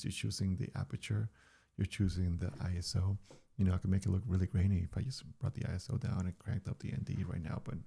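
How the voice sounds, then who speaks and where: Older male streamer, deep gravelly dark voice, relaxed rambling live-stream chat, close studio mic. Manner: relaxed, chatty, loose and rambling. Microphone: studio dynamic microphone.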